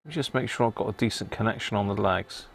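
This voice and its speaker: A fast-talking man with a fairly low pitch, vocal fry, and a breathy edge hosts a casual live stream from his electronics workbench. While repairing a vintage radio, he chats with viewers, answers live chat, and mutters to himself as he tests parts.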